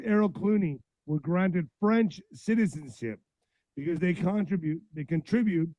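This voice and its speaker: A man hosting a political podcast livestream, blunt and profane, reading news aloud and ranting, his voice going hoarse. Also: fairly high pitch, warm tone, dry recording, lo-fi sound. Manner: blunt, heated, reads news aloud then rants. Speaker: podcast host.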